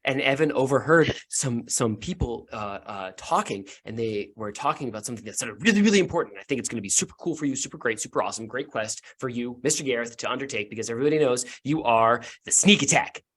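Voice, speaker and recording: A man voicing an earnest, excitable young neighborhood boy who rambles breathlessly in a tabletop game. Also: mid-range voice, quick pace, hardly any pauses, breathy edge.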